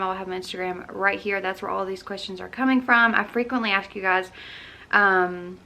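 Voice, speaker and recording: Bright-voiced young woman vlogging. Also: medium pitch, a little hiss or hum. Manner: chatty, lots of "um" and "like". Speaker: lifestyle vlogger. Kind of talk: casual chat Q&A. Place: at home.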